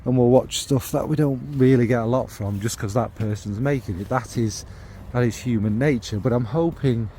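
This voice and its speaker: A man's voice: medium pitch, normal speed, hardly any pauses, slight background noise. A man, talking casually and at length to his vlog audience, rambling and enthusiastic. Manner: rambling, warm and enthusiastic about scents. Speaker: fragrance vlogger. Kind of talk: casual rambling chat to camera.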